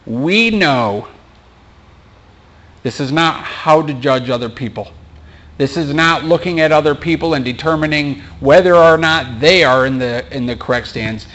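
A pastor giving an informal sermon in a small church, mixing scripture with joking asides. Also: male voice, on the high side, moderate pace, fairly bright tone, dull audio. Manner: conversational preaching with joking asides.

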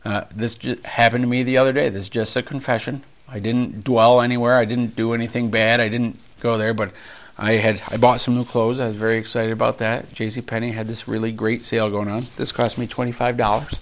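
A male pastor preaching a sermon, animated and storytelling, acting out conversations with frequent ums and restarts. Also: medium pitch, a little fast. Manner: animated storyteller, acts out dialogue, many fillers. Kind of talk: sermon with personal stories.

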